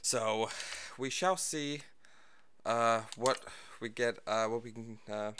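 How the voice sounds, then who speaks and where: A gaming livestreamer plays a football video game, rambling casually with lots of fillers, a self-deprecating manner and a slight breathlessness. His mid-range voice is clear, resonant and fairly bright, and he takes it slowly.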